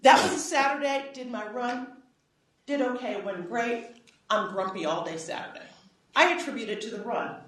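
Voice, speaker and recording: Middle-aged woman lecturer, higher voice, animated storyteller, recorded from afar in a reverberant hall. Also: normal speed. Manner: animated storyteller, acts out quoted dialogue, frequent "right?". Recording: echoey hall, voice from far off.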